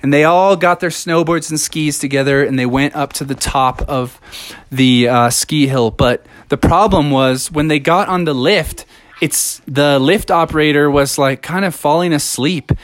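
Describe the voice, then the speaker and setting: A man's voice: a little high, a little slow, no room sound. Rambling male storyteller, dry close sound. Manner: rambling, with fillers and self-corrections. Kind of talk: improvised live storytelling.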